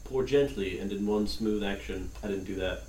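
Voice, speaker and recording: A man's voice: fairly low pitch, normal speed, darkish tone, reverberant, slight background noise. A man co-hosting a casual podcast chat, tossing in sarcastic jokes. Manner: joking, sarcastic asides.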